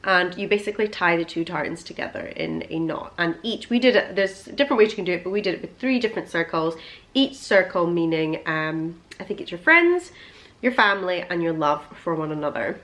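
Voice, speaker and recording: A woman's voice: fairly low pitch, lively intonation, a little fast, a bit bright. A young woman chatting casually to camera as a vlogger, telling a long story in a gushing, emotional way with plenty of fillers.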